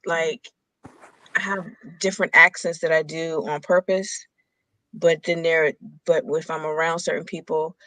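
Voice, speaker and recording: A speaker in a casual conversation as a guest, lively and quick to laugh. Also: mid-range voice, no echo, poor audio. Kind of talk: casual chat.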